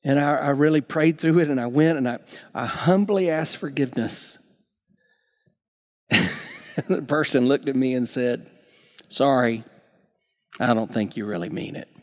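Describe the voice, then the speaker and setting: A male pastor preaching a sermon, telling stories and acting out the characters with big swings in pitch and volume, often restarting his words. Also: a little slow, long pauses. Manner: stammering restarts.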